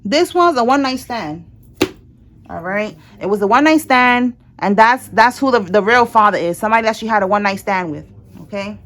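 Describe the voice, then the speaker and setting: A woman's voice: medium pitch, expressive, brisk, a bit bright, a little hiss or hum. A woman giving a casual tarot reading, blunt and chatty, with cursing and laughter. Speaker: tarot reader.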